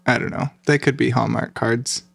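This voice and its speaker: A young man co-hosting a podcast in casual chat, with a deadpan delivery and dry quips. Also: mid-range voice, normal speed, vocal fry, no echo. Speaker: podcast co-host.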